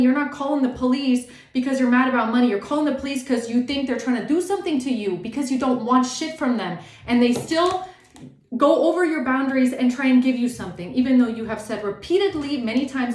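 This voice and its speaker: A woman's voice: sits high, quick pace, roomy sound. A woman tarot reader giving a blunt, indignant reading and swearing freely.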